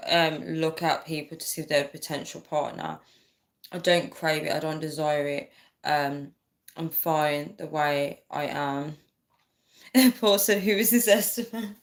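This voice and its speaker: A woman hosting a casual livestream, reading out viewer comments, tired and often breaking into fits of laughter. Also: low voice. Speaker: livestream host.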